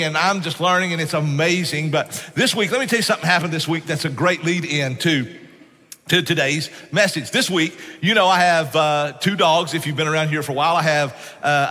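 A man's voice: fairly high pitch, sharp tone, in a large hall. A man preaching a sermon, telling stories in a folksy way and often saying "man". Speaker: pastor. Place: church sanctuary.

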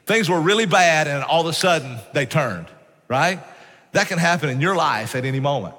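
A man's voice: fairly high pitch, pushed and bright. Man, pastor's sermon, folksy storyteller, long church-hall reverb. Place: church sanctuary.

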